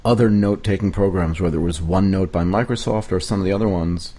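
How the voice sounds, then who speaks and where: A man with a low, husky voice hosts an interview podcast. He chats and asks questions in a friendly, easy manner. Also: quick pace, warm tone. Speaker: podcast host. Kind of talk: casual interview conversation.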